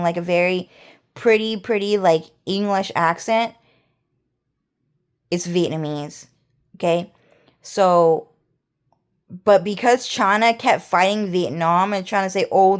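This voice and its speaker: Smooth-voiced woman rambling to camera. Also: mid-range voice. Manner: rambling, repeats words and restarts phrases. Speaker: vlogger. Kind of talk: rambling monologue.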